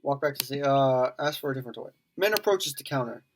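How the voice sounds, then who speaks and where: In this let's play, a woman who makes gaming videos on YouTube reads a visual novel's dialogue aloud, giving each character its own voice and stopping for commentary. She speaks with a rumbling low tone and lively intonation, full of quick reactions and laughter, over slight background noise.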